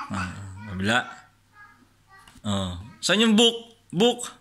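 A man's voice: mid-range voice, huge pitch swings, slow, sharp tone. A man with a Filipino accent patiently quizzing his young child with picture cards, asking questions and praising each right answer. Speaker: father teaching his child. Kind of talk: coaxing flashcard quiz with a toddler.

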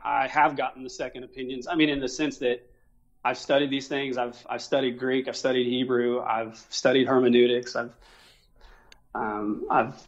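A middle-aged man from Oklahoma speaks at an ordinary pitch, stumbling through restarts and fillers as he talks things over. His voice comes through a dull, muffled lo-fi line. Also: little pitch movement. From Oklahoma, USA. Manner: halting, many restarts and fillers. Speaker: Christian missionary. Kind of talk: casual conversation. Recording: dull lo-fi sound.

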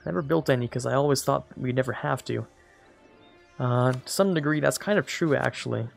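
A man's voice: medium pitch, brisk, gravelly, soft background music. A man giving casual, rambling commentary on a strategy game as a let's play host, correcting himself and joking as he goes. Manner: rambling, self-correcting, jokey asides.

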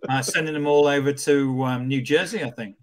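A man's voice: medium pitch, brisk. A man passing viewer requests to a panel in casual chat, polite and hesitant, over a video call mic.

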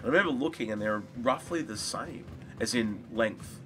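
A man chatting casually about a video game, rambling and animated, swearing now and then. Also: medium pitch, normal speed. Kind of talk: casual gaming chat.

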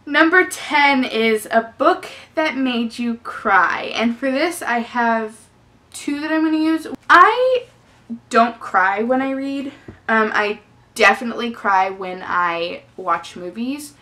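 A young woman talks through a book tag on her vlog, bright and a little sharp in tone. She gushes freely and fills her talk with casual fillers. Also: on the high side, lively intonation, slow pace. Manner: chatty and effusive, lots of "definitely" and "like". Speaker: book vlogger.

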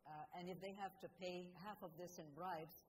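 A woman's voice: on the low side, fairly even intonation, normal speed, slight background noise. A woman speaking earnestly on a debate panel, often repeating words as she goes. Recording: long hall reverb.

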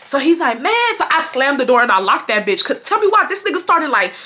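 A woman in her twenties from Houston, telling a storytime vlog in a dramatic, animated way, laughing often and talking straight to her viewers. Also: high-pitched, quick pace, slight background noise. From Houston, Texas. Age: 20s. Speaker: vlogger.

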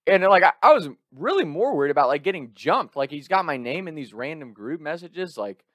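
A young man tells a story casually, talking animatedly, swearing often and breaking off into quick asides and restarts. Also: fairly high pitch, sing-song, fairly bright tone, no room sound.

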